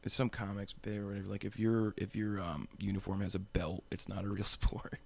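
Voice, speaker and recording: A man's voice: on the low side, flat delivery, brisk, gravelly, no room sound. A man in casual podcast chat, laid-back and offhand.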